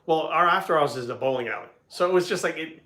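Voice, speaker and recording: Blunt, profane man, coach type; rapid delivery, roomy echo. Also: on the high side, sharp tone. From Providence, Rhode Island. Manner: blunt, heavy swearing, rambling asides. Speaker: bodybuilding coach answering questions. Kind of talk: casual storytelling and Q&A. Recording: echoey room.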